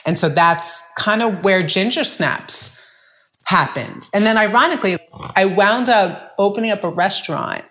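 A woman's voice: mid-range voice, moderate pace, fairly bright tone. A woman coach, a guest, telling her story in a casual, chatty way, often saying "like" and "right?". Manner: chatty, many fillers like "like" and "right?".

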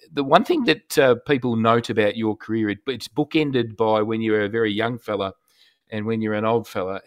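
A man's voice: on the low side, clear, resonant tone, dry recording, clean studio sound. A man hosting a radio interview, asking long, detailed questions about a player's career.

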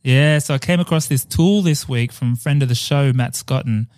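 A man co-hosting a podcast in casual chat, playful and quick to laugh. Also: mid-range voice, darkish tone, clean tone, dry recording, studio quality. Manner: playful, laughs often, chatty with restarts. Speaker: podcast co-host.

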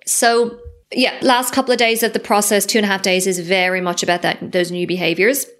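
A woman's voice: mid-range voice, flat delivery, fairly quick, a bit bright. A woman hosting a solo podcast, speaking candidly and effusively and swearing casually. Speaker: podcast host.

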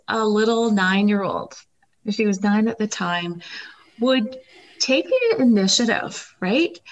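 A woman's voice: on the high side, poor audio. A middle-aged woman, a guest, telling an emotional faith story in an interview, with many fillers.

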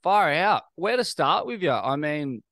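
A man hosts a podcast with loose, eager energy, often groping for the next word. His voice is smooth and resonant. The sound is close and dry, with no room around it. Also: a little high, very animated, unhurried, a bit bright, no echo. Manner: enthusiastic, loose, searching for words. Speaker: podcast host. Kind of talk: casual interview.

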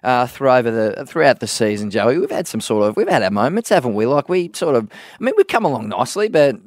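An Australian man co-hosting a sports radio show, chatting quickly in casual banter and laughing easily. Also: mid-range voice, big pitch swings, no echo, studio quality. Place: dry radio studio.

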